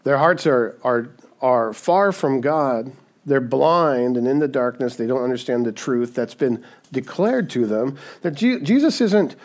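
A man preaching a sermon as pastor, casual and conversational, often asking "right?" and acting out quoted voices. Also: fairly high pitch. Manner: conversational, frequent "right?" tag questions; animated, acts out quoted voices.

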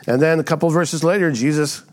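A man's voice: on the high side, fairly quick. A male pastor giving a sermon in a conversational teaching style, often checking in with the congregation with a rhetorical "right?".

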